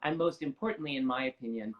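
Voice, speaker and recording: A man's voice: medium pitch, quick pace, dull audio. Articulate, earnest man reflecting aloud. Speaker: opera singer guest. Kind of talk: conversational interview.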